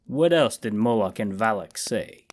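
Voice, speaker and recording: A man voicing a grim, weary ancient immortal in a horror story, with a deep voice and slow, somber delivery. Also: expressive. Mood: grave.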